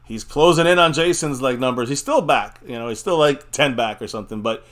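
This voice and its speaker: A man's voice: mid-range voice, a little fast, fairly bright tone. A man hosting a live fan chat stream, talking casually and rambling, with frequent laughs and the odd swear.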